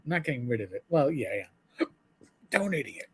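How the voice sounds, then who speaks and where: A man's voice: medium pitch, big pitch swings, moderate pace, husky. A middle-aged man co-hosting a live show, chatting casually in a rambling way, full of stammered restarts. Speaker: co-host.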